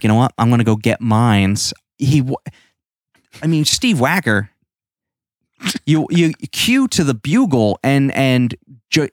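A podcast co-host rambles animatedly about a comic book in casual conversation, restarting his sentences often. His medium-pitched voice comes through clean studio sound with no room echo.

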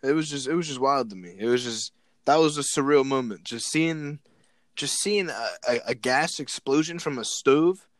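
A young man casually telling a story, animated and excited, repeating words and acting out what people said. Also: medium pitch, moderate pace, no room sound.

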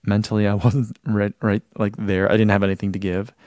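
A man's voice: fairly low pitch, level tone, a little fast, darkish tone, no room sound, studio quality. A man hosting a running live stream, chatting casually, reading out viewer comments and rambling with self-deprecating laughs.

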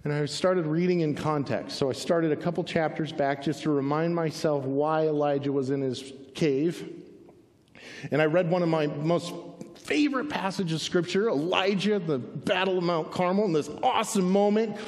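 Male pastor, animated storyteller, fairly high voice for a man, preaching in a church hall with a long echo. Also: moderate pace. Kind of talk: sermon storytelling. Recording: long reverb of a large hall.

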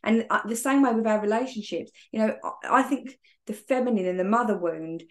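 A woman's voice: fairly high pitch, brisk. A woman hosting a podcast interview, talking in an earnest, musing way about personal growth. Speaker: podcast host. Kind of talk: reflective interview conversation.

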